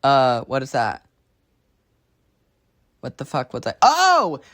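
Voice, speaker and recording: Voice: medium pitch, steady tone, slow. A teenager from Alabama doing a draw-my-life storytime, chatty and rambling, swearing often and distracted while drawing. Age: teens. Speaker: creator.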